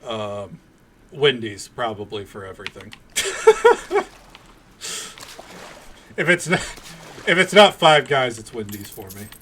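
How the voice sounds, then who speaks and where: A man's voice: mid-range voice, fairly bright tone. A man streaming a game, chatting casually and ranting bluntly with frequent swearing. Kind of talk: casual gameplay stream chat.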